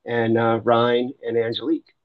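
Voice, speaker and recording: A man's voice: mid-range voice, flat delivery, moderate pace, dry recording, dull audio. A middle-aged man sharing a personal faith testimony in a loose, rambling storytelling way, often restarting his sentences. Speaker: Christian livestreamer and foster parent.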